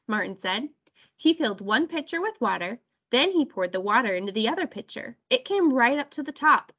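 A woman reading a children's picture book aloud with an expressive delivery. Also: mid-range voice, normal speed. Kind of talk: storybook read-aloud.

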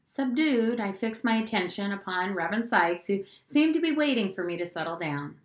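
A woman teacher reading a novel aloud in a steady, clear storytelling voice. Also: mid-range voice, normal speed. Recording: roomy echo.

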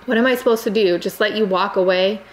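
A woman's voice: mid-range voice, fast talker, slight background noise, natural voice, low-quality recording. A woman voicing an earnest, frustrated American teenage boy who pleads insistently. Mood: pleading. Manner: insistent, exasperated, raises his voice.

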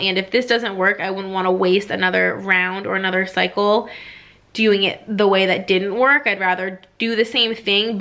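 A woman's voice: medium pitch, gravelly, sharp tone. A young woman vlogging casually at home, chatty and full of "like" fillers. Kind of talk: casual personal vlog.

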